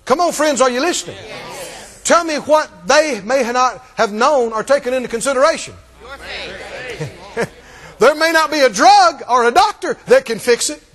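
A man with a very high, lively voice preaches an emphatic, rousing sermon and keeps calling out to his congregation. His voice rings out with the long reverb of a large hall. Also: a little slow, long pauses.

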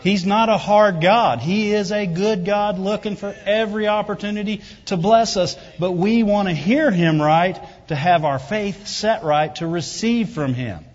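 Male preacher, slightly high husky voice, swings between loud emphasis and quiet asides, dull live church recording. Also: measured pace, hardly any pauses. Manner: conversational preaching, often asks "Right?". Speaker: pastor. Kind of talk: sermon. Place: church hall. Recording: dull reverberant hall recording.

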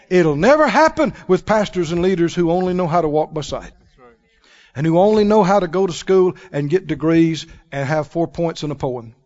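Preacher, man, high lively voice, emphatic and laughing, muffled lo-fi recording. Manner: animated, emphatic, laughs often. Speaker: pastor. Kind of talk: sermon. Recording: dull lo-fi recording.

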